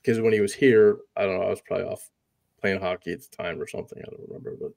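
A man's voice: sits low, steady tone, racing, gravelly, a little mellow, no echo. A man co-hosting a podcast, chatting in an easygoing, offhand way. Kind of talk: casual interview chat.

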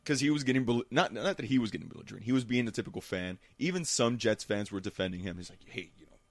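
A man in casual chat, telling animated stories with frequent restarts. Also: mid-range voice, quick pace, dry recording. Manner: animated storyteller with many restarts.

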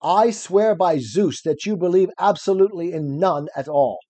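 A man's voice: high voice, normal speed, warm tone. A man voicing a curt, stubborn accuser. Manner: curt, insistent.

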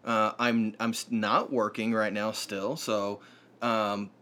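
A man's voice: on the low side, level tone, takes it slowly, pushed and bright. A man telling a long story in casual chat, rambling with fillers and restarts.

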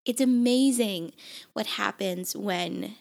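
A woman hosts her own podcast alone, speaking with heartfelt earnestness. She sounds close to tears, and her voice carries a gravelly fry at a middle pitch. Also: takes it slowly, a little mellow. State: tearful. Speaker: podcast host. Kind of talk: heartfelt solo podcast monologue.

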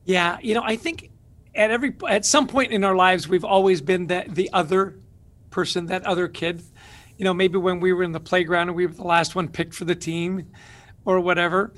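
A man's voice: high voice, moderate pace. A man who is a guest author, telling stories with energy in an interview conversation. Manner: energetic, animated storyteller.

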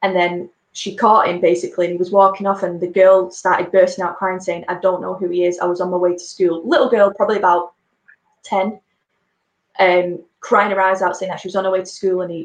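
A woman's voice: on the low side, little pitch movement, brisk, echoey room, low-quality recording. A woman chatting casually, rambling and stacking up fillers as she tells a story. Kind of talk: casual chat.

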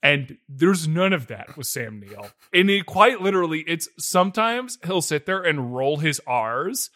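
A man's voice: fairly high pitch, very animated, unhurried, pushed and bright, no room sound, studio quality. A man co-hosting a podcast, reviewing a movie in casual, mocking chat full of swearing. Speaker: podcast co-host.

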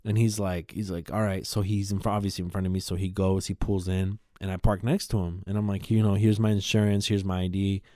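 A man with a low, mellow voice hosts a casual podcast and spins a story in a loose, rambling way, swearing freely. The sound is dry and close. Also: brisk, hardly any pauses, dry recording. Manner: rambling, profane, animated retelling. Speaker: podcast host.

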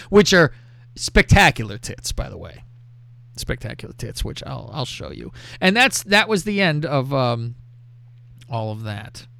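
A man hosting a casual show, telling a crude story in a lively, profane way and reading out text messages. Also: medium pitch, measured pace, creaky. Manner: animated, profane, reads out texts with laughter. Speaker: podcast host.

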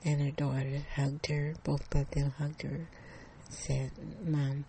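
Gravelly, hushed storyteller. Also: medium pitch, completely flat delivery, slight background noise, low-quality recording. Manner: slow, suspenseful narration with hushed whispers. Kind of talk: told story.

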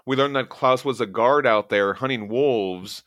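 Give me a man hosting a comic book podcast, bright voice, quoting the characters as he goes. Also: medium pitch, a little slow, dry recording, clean studio sound. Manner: retells scenes with quoted lines. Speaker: podcast host. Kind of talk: casual comic book chat.

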